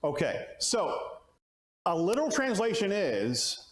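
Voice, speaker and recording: A man's voice: on the low side, lively intonation, moderate pace. A man preaching a conversational Bible lesson to a class, asking questions and restarting his sentences. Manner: asks the audience questions, many restarts. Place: church classroom. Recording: roomy church room sound.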